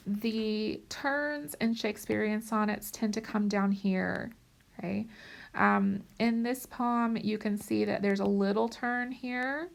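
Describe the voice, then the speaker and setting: A woman teaching a recorded lecture over slides, unhurried and checking in often with the listener. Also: mid-range voice. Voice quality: creaky. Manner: unhurried, checks in with "okay?" and "right?".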